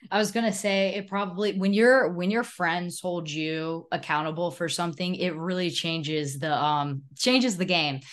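A woman's voice: fairly low pitch, normal speed, few pauses. A woman hosting a podcast interview, speaking in a supportive, thoughtful and reflective way. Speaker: podcast host. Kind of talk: casual interview.

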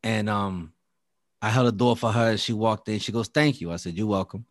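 A man of Latin American heritage telling a story in casual chat, animated and profane, often repeating and restarting words. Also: on the low side, normal speed, dry recording, studio quality.

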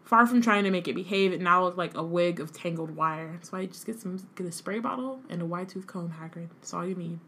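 A woman's voice: on the low side, fairly quick, few pauses, sharp tone, a little hiss or hum. A woman co-hosting a casual book podcast, reading passages aloud with frequent ums and breaking off to joke.

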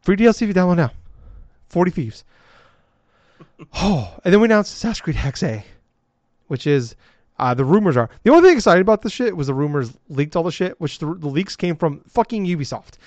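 A man's voice: on the high side, big pitch swings, a little fast, a little mellow, no room sound. A man ranting heatedly in casual chat, swearing often and sounding exasperated. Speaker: podcast co-host. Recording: dull lo-fi dry sound.

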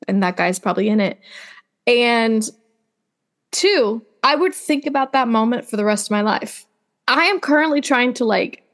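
A woman's voice: fairly high pitch, fairly bright tone. Wry, chatty female podcast co-host. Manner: chatty, wry, talks herself in circles. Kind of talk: casual chat. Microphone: remote call.

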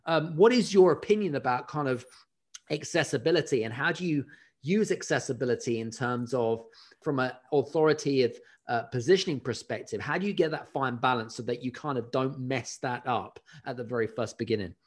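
A man's voice: medium pitch, a little fast. Man asking long, winding interview questions. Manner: long, searching questions with fillers. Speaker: podcast host.

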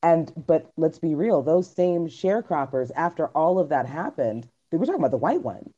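A woman's voice: deep voice, big pitch swings, moderate pace, mellow. A woman hosting a podcast in casual chat, talking bluntly and emphatically with plenty of slang. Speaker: podcast host. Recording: dull lo-fi recording.

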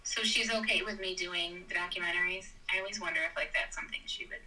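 A woman's voice: on the low side, steady tone, fast talker, pushed and bright, recorded from a distance, poor audio. A woman who is a mother and advocate, talking earnestly and thoughtfully in a casual conversation, her sentences sometimes trailing off.

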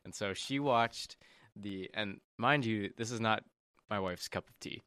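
Low-voiced, easygoing podcast co-host. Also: male voice, a little slow, bright, forceful tone, smooth, no echo. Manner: easygoing, hesitant, many fillers. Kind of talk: casual chat.

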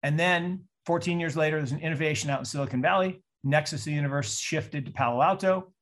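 A man in his sixties from Seattle, giving an animated talk on a call and telling stories in mock voices. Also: fairly high pitch, fast. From Seattle, USA. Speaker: investor speaker. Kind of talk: presentation on a call.

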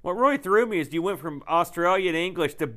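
A man co-hosting a podcast who teases his partner and throws in quick jokes. His pitch is a little high for a man, and it jumps around as he talks. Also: animated, bright, forceful tone, slight background noise. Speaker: podcast co-host. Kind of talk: casual chat.

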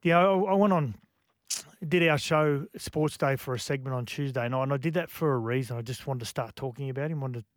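A man's voice: mid-range voice, dry recording, studio quality. Man speaking emotionally on radio. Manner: emotional, reflective, halting with many restarts. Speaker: radio co-host. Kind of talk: casual radio chat.

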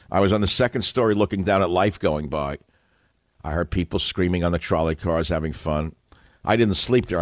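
Opinionated older man, deep rambling monologue. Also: dry recording, studio quality. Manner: opinionated, digressive, scornful asides. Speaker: radio talk show host.

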